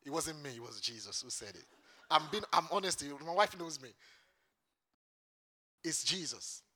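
High bright-voiced preacher from Lagos. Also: male voice, very animated, moderate pace. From Lagos, Nigeria. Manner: impassioned, repetitive preaching cadence. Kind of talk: sermon.

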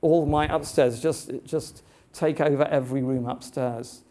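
A preacher voicing a desperate troubled homeowner. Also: male voice, on the high side, fairly even intonation, moderate pace, warm tone, natural voice. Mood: bargaining. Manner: pleading, anxious.

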